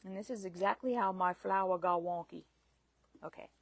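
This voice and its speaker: Chatty woman with a gravelly edge. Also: fairly low pitch, steady tone, normal speed, noisy background. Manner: chatty, self-deprecating, laughs at herself. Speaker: sewing instructor. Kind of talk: live sewing demonstration.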